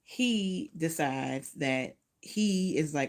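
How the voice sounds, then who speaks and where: A woman chats casually about a romance novel she just finished, swearing freely and often losing her thread before correcting herself. Her voice is low and gravelly, at a measured pace.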